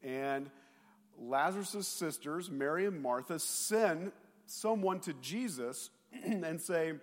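Male pastor, lively sermon storytelling, slightly high voice, long reverb of a church hall. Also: takes it slowly. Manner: animated storytelling, mocking voices of doubters, sometimes shouting. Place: church sanctuary.

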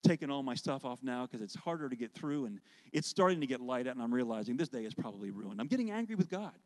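A worship leader preaching with lively, conversational storytelling. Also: male voice, medium pitch, fast. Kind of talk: sermon storytelling.

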